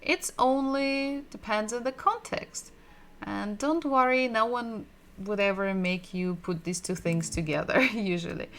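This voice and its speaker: A woman giving a livestreamed language lesson, patiently repeating sounds and words slowly so learners can drill them. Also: mid-range voice, a bit bright. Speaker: Russian language teacher.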